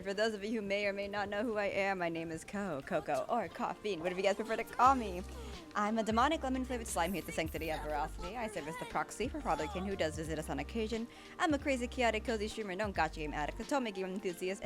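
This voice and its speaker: A woman's voice: mid-range voice, animated, fast talker. A woman streamer chatting casually with her chat while she draws, bubbly and a bit chaotic. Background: background music.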